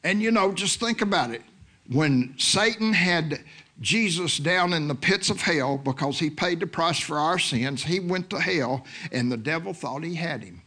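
A man preaching a sermon as guest minister, moving from quiet scripture teaching to loud shouted preaching. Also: on the high side, lively intonation, unhurried. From Oklahoma. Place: church sanctuary.

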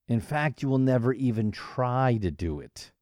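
Playful solo podcast host, man; animated pitch, dry studio sound. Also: moderate pace, no echo. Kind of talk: casual solo podcast monologue.

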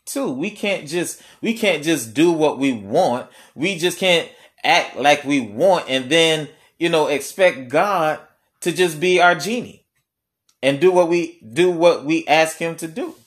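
A man preaching a sermon in a conversational way, repeating key lines slowly for emphasis. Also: fairly high pitch, expressive.

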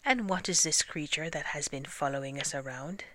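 A woman's voice: low-pitched, a little fast, a bit bright. A woman reading a storybook aloud and voicing a pompous, fussy male lord who insists on his own words for things.

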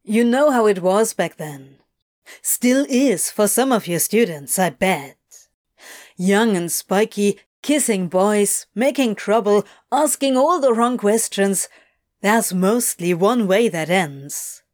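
A woman reading an audiobook, voicing a wry, guarded young man who swears bluntly and scolds himself, spoken at a slow, unhurried pace. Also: mid-range voice, lively intonation, darkish tone. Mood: candid, offhand.

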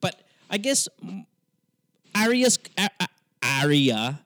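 A man with a Filipino accent hosting a podcast in casual chat, animated and swearing freely, slipping into Tagalog. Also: fairly high pitch, takes it slowly, no room sound. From Philippines. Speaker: podcast host.

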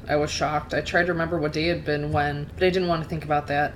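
A woman's voice: low-pitched, flat delivery, fast talker, few pauses, a little hiss or hum, low-quality recording. A young woman co-hosting a podcast, reading a novel aloud and breaking off for wry, giggly commentary. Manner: wry, giggly asides between passages. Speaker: podcast co-host.

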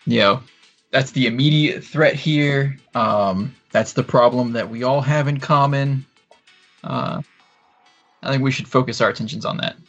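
A man's voice: mid-range voice, a little slow, a bit bright, soft background music. A man voicing an earnest male hero who is a poor liar and talks hesitantly. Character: earnest male hero, bad liar, trying to smooth things over. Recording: dull lo-fi recording.

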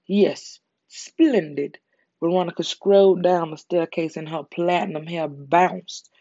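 An ASMR storyteller with a Southern US accent reads a story in a calm, soothing way. The tone is mellow and close-miked, and the sound is dry. The recording is dull and lo-fi. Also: mid-range voice, no echo. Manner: calm, slow, soothing reading. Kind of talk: soft ASMR story reading.

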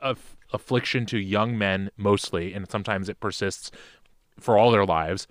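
A man's voice: lowish voice, fairly even intonation, normal speed, dry recording, clean studio sound. A man co-hosting a casual podcast chat, talking in an impassioned, rambling way with many restarts. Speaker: podcast co-host.

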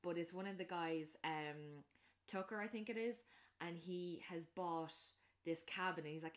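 A woman chatting casually, retelling a film plot and acting out the characters' lines, with lots of fillers. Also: normal speed. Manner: animated storytelling, acts out characters' lines in a raised pitch; many fillers and restarts.

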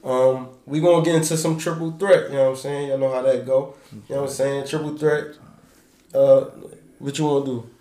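A man from Philadelphia hosting a podcast, talking sports in casual, profane, animated banter. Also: medium pitch, a little fast, roomy sound. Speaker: podcast host.

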